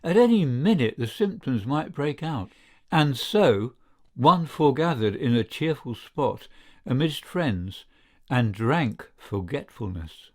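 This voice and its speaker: A man reading a classic short story aloud as scripted narration. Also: mid-range voice. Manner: slow, lively storytelling delivery. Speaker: audiobook reader.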